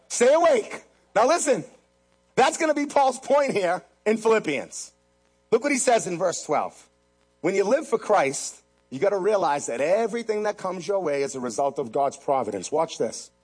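A man with a high, husky voice preaches a sermon, pressing his points and repeating key lines for emphasis. Soft music plays faintly behind him. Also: very animated, moderate pace. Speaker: pastor.

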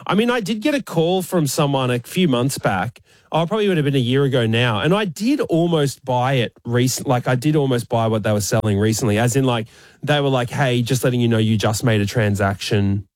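A man, co-hosting casual banter, animated and quick to laugh. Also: mid-range voice, no room sound. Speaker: radio co-host.

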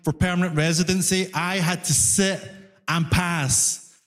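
A man with a Glasgow Scottish accent doing an animated stand-up comedy set on stage, with the audience laughing along. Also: sits high, measured pace. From Scotland. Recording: live stage in a reverberant hall.

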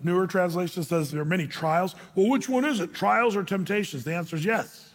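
A man preaching a sermon as a pastor, animated and acting out quoted voices. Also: sits high, brisk, big-room sound.

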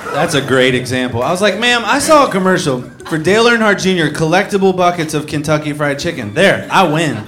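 A man doing a stand-up comedy set, telling stories with quick asides over a live crowd. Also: on the high side. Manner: animated storytelling with quick asides. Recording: live club mic with audience noise. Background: laughing crowd.

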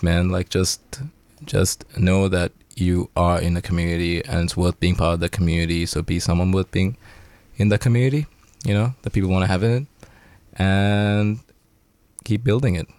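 A man's voice: low voice, level tone, a little fast, vocal fry, darkish tone, no room sound. A man guesting on a radio show as a band member, laid-back and sweary, full of restarts and "man". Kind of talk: casual radio interview chat. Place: radio studio.

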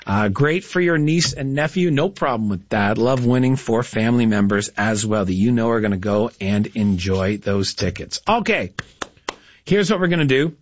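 On a studio broadcast mic that sounds dry and slightly dull, a man hosts a radio call-in trivia quiz. His medium-pitched voice is animated and moderately paced, chatty and encouraging toward the callers.

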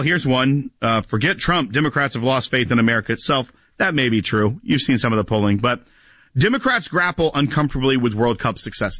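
A man's voice: medium pitch, fairly bright tone, dry recording. A man hosting a call-in radio talk show, chatting energetically with callers.

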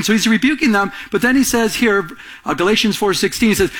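A man preaching a sermon, animated, acting out quotes in a raised voice and often restarting his phrases. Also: high voice, quick pace. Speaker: pastor.

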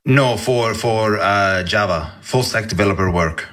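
A man on a prank phone call, putting on an Indian accent and speaking in a hesitant, halting way with many fillers. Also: lowish voice, a bit bright. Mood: casual inquiry. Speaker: producer making a prank call.

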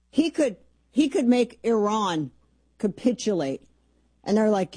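Middle-aged lady on talk radio, sarcastic and mocking, warm husky voice. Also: mid-range voice, big pitch swings, unhurried, pauses often, no echo. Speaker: radio talk show host.

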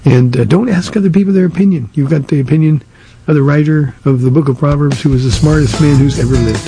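An older American pastor on his radio show, answering a listener's question in earnest, halting speech full of restarts. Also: a little high, warm tone, faint music behind.

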